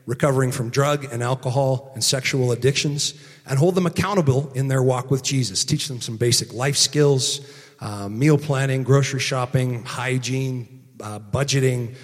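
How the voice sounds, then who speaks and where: A man in his forties preaching a sermon earnestly, moving from loud emphasis to hushed, quiet lines. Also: mid-range voice, normal speed, big-room sound. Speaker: pastor.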